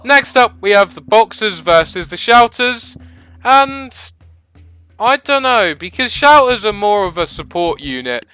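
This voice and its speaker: A man commentating on a battle simulator game as a YouTuber, excitable, rambling and self-deprecating. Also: sits high, measured pace, clean tone, soft background music, poor audio. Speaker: gaming YouTuber. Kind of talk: gameplay commentary.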